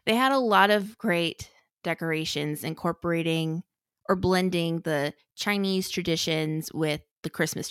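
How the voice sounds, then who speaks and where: A woman's voice: on the low side, fairly bright tone, dry recording, studio quality. A woman co-hosting a podcast, chatting casually and enthusiastically about a holiday movie, giggling now and then. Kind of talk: casual chat.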